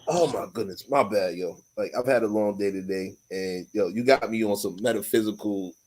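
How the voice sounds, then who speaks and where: A man's voice: lowish voice, moderate pace, a little mellow, slight background noise, rough recording. A man in his forties with a New York accent, talking in a loose, profane casual chat full of street slang.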